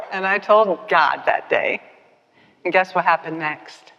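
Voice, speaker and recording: Older woman recovery-meeting speaker, lively and self-mocking, pitched a bit low, dull lo-fi sound. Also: unhurried. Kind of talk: personal storytelling talk. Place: meeting hall with podium. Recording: dull, echoey hall recording.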